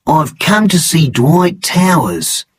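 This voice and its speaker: A man's voice: on the high side, big pitch swings, slow pace, breathy edge, voice pushed up, full character voice. A man reading a storybook, voicing an anxious, insistent male scientist in a raised voice. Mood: eager.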